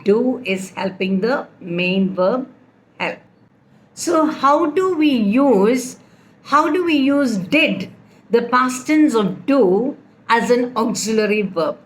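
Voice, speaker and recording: A woman's voice: fairly high pitch, animated, slow. A woman teaching a grammar lesson, patiently explaining with repeated example sentences. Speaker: English teacher.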